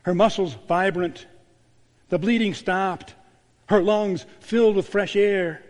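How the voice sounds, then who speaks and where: A man's voice: high voice, slow. Male pastor preaching in a reverberant hall. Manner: storytelling, dropping to a hushed voice on key words. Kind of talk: sermon. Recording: long church reverb.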